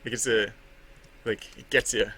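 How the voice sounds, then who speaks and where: A man's voice: on the low side, fairly even intonation, normal speed, bright, forceful tone, slight background noise. A man chatting casually on a livestream while he draws, rambling with lots of fillers and restarts and laughing at himself. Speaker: artist streaming his drawing.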